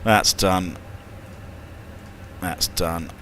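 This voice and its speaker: A man's voice: low-pitched, steady tone, extremely slow, fairly bright tone, slight background noise. A British man, an airline pilot, chatting and joking casually over voice chat while running checklists aloud, with mild swearing. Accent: British English. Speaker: airline pilot streaming a flight simulator.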